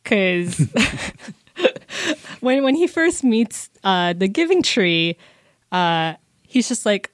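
A woman's voice: mid-range voice, big pitch swings, extremely slow, no room sound. A woman in her twenties chatting casually about a book, with lots of fillers and bits where she quotes people. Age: 20s. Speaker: book discussion co-host.

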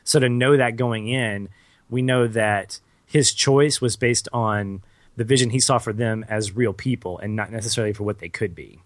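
A man co-hosting a podcast, discussing a film in a measured, thoughtful way with the odd chuckle. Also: on the low side, no echo. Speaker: podcast co-host. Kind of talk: casual movie review chat.

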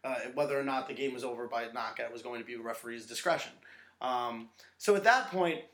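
A man co-hosting a podcast in casual chat, talking quickly and excitedly with many restarts. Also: mid-range voice. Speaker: podcast co-host. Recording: echoey room.

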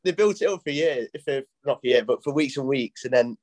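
A man with a Black Country accent hosting a casual chat, retelling memories excitedly with laughs. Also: mid-range voice, a little fast, no echo. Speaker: podcast host.

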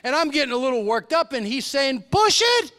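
A middle-aged man preaching a sermon in church, telling stories animatedly and swinging between loud and hushed. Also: extremely high pitch, fast talker.

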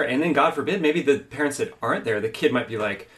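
A man's voice: mid-range voice, animated, fast, a bit bright. A man co-hosting a podcast, thinking aloud in a reflective, casual way. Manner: thoughtful, reflective.

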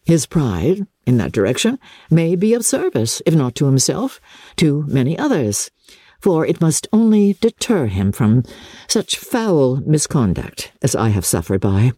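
A woman reading aloud, voicing a charming young male officer who speaks in a low, measured, confiding way. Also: sing-song, mellow, slightly rough, dry recording, studio quality, exaggerated voice.

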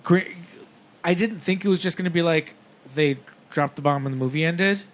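Man, podcast co-host, fairly high voice, chatty, giggly, lots of fillers. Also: normal speed. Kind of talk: casual chat.

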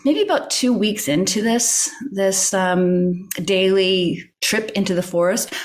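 Animated woman telling her story. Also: mid-range voice. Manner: animated, acts out her own inner dialogue, laughs often. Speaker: guest. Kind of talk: personal storytelling in a podcast interview.

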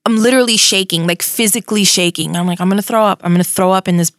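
A middle-aged woman from tells a story as a guest in a casual interview. She speaks quickly and with animation, swears freely and mixes in Spanish words. Her voice sits at an average pitch and sounds dry and close to the mic. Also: no echo. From Miami. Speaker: radio host as guest.

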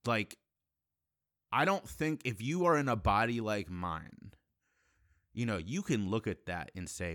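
A man's voice: fairly low pitch, lively intonation, fairly bright tone, dry recording, studio quality. A man delivering a heated, blunt solo monologue as a podcast host, swearing freely and breaking off to restart his sentences. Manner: impassioned, blunt, profane, halting restarts.

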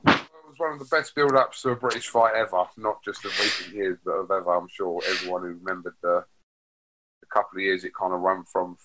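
A man's voice: low-pitched, steady tone, fast talker, sharp tone, a little hiss or hum, poor audio. A man hosting a casual interview over a call, prompting his guest with questions. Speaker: podcast host. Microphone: remote call mic.

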